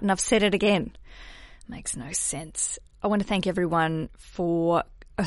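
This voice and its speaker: A woman's voice: mid-range voice, dry recording, studio quality. A woman hosting a podcast, chatting casually and rambling into self-mocking asides as she signs off. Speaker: podcast host. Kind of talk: casual podcast chat and sign-off.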